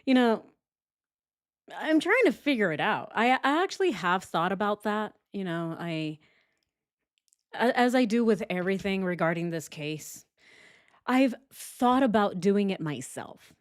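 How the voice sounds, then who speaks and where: A woman hosting a true crime channel, talking through a case in casual livestream commentary, animated and chatty with quick laughs and casual swearing. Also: mid-range voice.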